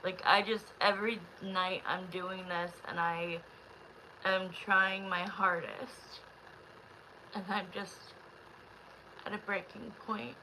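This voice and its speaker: Woman doing a live tarot stream, bright kinda tense voice, rambling at her chat, frustrated and almost crying. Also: medium pitch, fairly even intonation, slow, pauses often, slight background noise, poor audio. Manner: rambling, talks straight to the chat. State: frustrated and close to tears.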